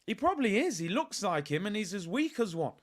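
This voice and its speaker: Male watch-along host, high voice, slangy, flips from grumbling to yelling at chances. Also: fairly quick. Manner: excitable, erupts into shouts at chances; slangy, chats to stream viewers. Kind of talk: live match reaction commentary.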